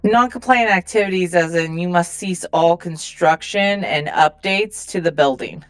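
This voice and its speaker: A woman's voice: on the low side, moderate pace, clear, resonant tone, no room sound, faint music behind. A woman speaking in character in a tabletop game, officious and procedural. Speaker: player.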